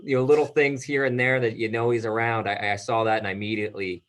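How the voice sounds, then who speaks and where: A man's voice: fairly low pitch, little pitch movement, quick pace. A man interviewing a guest, talking casually and hesitantly with many fillers.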